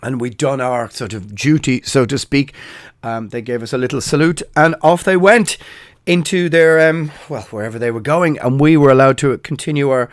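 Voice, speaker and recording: A man in his forties from Ireland, hosting a podcast, shares rambling anecdotes laced with fillers and frequent self-corrections. He talks at a normal speed in a medium pitch, and the sound is dry and studio-clean.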